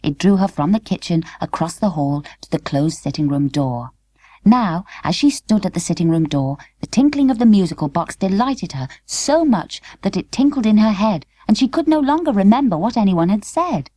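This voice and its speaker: A woman narrating an unabridged children's book in clear, measured storytelling. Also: medium pitch, expressive, dark tone, no echo. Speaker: audiobook narrator. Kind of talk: scripted narration.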